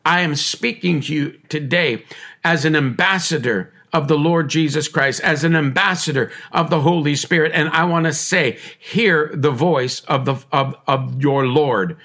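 A man's voice: fairly high pitch, fairly bright tone. A man preaching a sermon with fervent, repetitive cadence.

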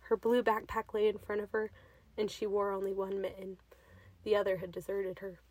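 A woman's voice: mid-range voice, level tone, moderate pace, a little mellow, dry recording. Woman reading a story aloud.

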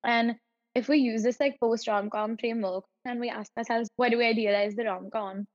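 A woman's voice: a little high, steady tone, a little fast, no room sound, in a large hall, highs cut off. A woman co-hosting a podcast, chatting casually and animatedly, often digressing. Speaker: podcast co-host. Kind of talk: casual chat.

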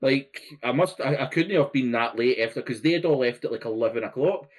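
A British man co-hosting a podcast, telling a halting, rambling story with lots of restarts. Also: medium pitch. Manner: rambling, halting, laughing anecdotes. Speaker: podcast co-host. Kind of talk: casual podcast chat.

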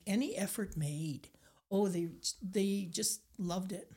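An older woman from Nova Scotia, a guest telling animated stories in an interview, acting out the people she quotes. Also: mid-range voice, takes it slowly, breathy edge. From Nova Scotia, Canada. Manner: animated anecdotes, acts out quoted voices. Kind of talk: storytelling interview.

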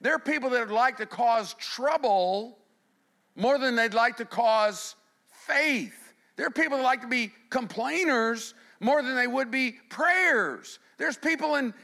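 A middle-aged man preaching a sermon, animated, swinging between loud emphasis and hushed passages. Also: very high voice, unhurried, creaky. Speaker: pastor.

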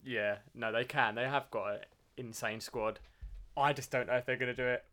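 Brief: easygoing young co-host, measured, a few hesitant restarts, mid-range voice. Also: male voice, medium pitch, steady tone, sharp tone. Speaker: podcast co-host. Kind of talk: casual football podcast chat.

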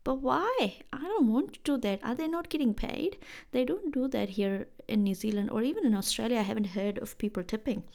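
Chatty young woman with vocal fry. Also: fairly high pitch, brisk, a little mellow. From India. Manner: chatty, acts out quoted dialogue with laughing asides. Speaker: podcast host. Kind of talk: casual podcast monologue.

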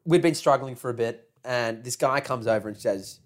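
A man's voice: mid-range voice, normal speed. A young man telling a rambling, laughing anecdote in a casual podcast chat, restarting his sentences as he goes. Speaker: podcast co-host.

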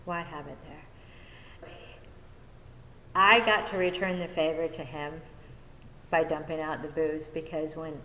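A woman giving a personal testimony from a podium at a recovery meeting, talking haltingly with many fillers and restarts. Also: on the low side, fairly bright tone, a little hiss or hum. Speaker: speaker sharing at a recovery meeting. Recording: echoey hall with long reverb.

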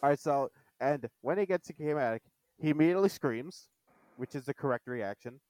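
Smooth-voiced man hosting a podcast. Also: a little high, brisk, dry recording. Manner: animated, retells scenes with quoted lines. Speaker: podcast host. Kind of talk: casual chat recapping a cartoon.

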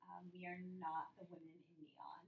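A woman's voice: lowish voice, flat delivery, normal speed, vocal fry. A woman who is a podcast guest in casual chat, easygoing and saying "you know" often. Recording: echoey room.

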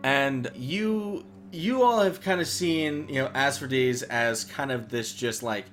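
A man's voice: mid-range voice, measured pace, fairly bright tone, faint music behind. A young man narrating as game master in a loose, rambling way full of fillers.

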